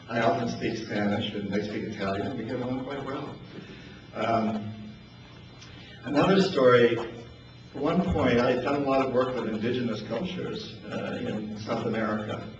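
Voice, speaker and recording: An older man from New Hampshire tells personal stories in a relaxed, anecdotal way, chuckling often and repeating words as he goes. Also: lowish voice. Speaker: speaker telling stories. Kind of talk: storytelling talk. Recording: echoey distant lo-fi with noise.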